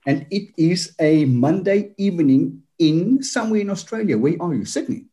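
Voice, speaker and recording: A husky, dark-toned voice pitched on the high side belongs to a South African podcast host from Johannesburg who speaks Afrikaans. Expressive and moderately paced, he chats with his interview guest, telling stories and poking fun at himself.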